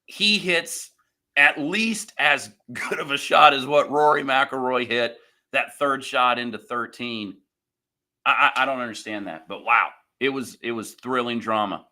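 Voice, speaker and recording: A man talks on a studio show with easygoing enthusiasm and calls his friends bro and dude. His tone is bright and forceful, and his pitch sits in the middle. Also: unhurried. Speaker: show regular. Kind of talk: casual chat.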